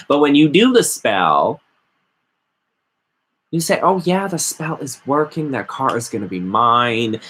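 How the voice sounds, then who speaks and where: A man's voice: lowish voice, expressive, measured pace, fairly bright tone, a little hiss or hum. A man hosting a casual, rambling chat while stoned, often mock-quoting other people. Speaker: host.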